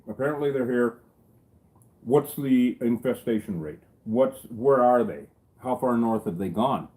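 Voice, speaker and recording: Here the beekeeper and channel host, a middle-aged man, has a lowish, mellow voice. He chats casually, wandering through stories, joking, and dropping salty asides, all captured in poor audio.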